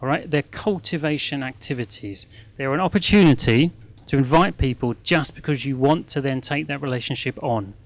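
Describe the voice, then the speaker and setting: A middle-aged guest speaker at a fundraising masterclass talks to a live audience at a moderate pace, with few pauses, in a mid-range voice and no room sound. He's chatty, self-mocking, and keeps checking in with "okay?".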